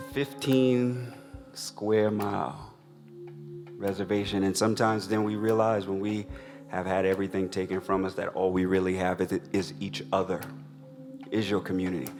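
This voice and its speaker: Deep, flat-voiced man hosting an event. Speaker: host. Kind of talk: live event hosting talk. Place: museum event hall. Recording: hall reverb with music.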